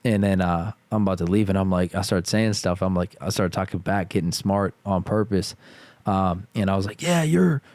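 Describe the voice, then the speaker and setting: A young man in his twenties sits in as a podcast guest, his voice on the low side. He recounts events in a relaxed, slang-heavy way. The sound is close-miked and dry. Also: normal speed, no echo. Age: 20s. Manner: laid-back slangy storytelling, says "bro" constantly. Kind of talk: casual podcast chat.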